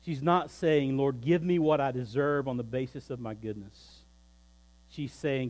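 A pastor preaching a sermon, emphatic and shifting between loud preaching and quiet, low asides. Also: male voice, a little slow, low-quality recording.

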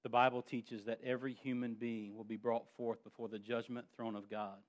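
A male pastor preaching a sermon, dropping quiet and then rising loud and emphatic. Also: medium pitch, level tone, brisk.

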